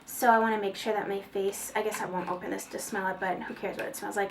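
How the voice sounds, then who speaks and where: A woman's voice: mid-range voice, level tone, quick pace, slight background noise. A woman chatting casually through a product haul, rambling with fillers and small laughs. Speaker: beauty vlogger. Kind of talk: casual haul video chat.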